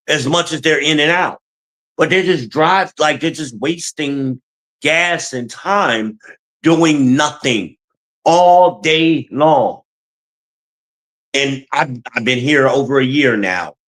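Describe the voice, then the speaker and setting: A man's voice: mid-range voice, fairly bright tone, rough recording. A middle-aged man hosting his own channel, ranting bluntly and with lots of profanity in a casual monologue, laughing now and then. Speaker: channel host.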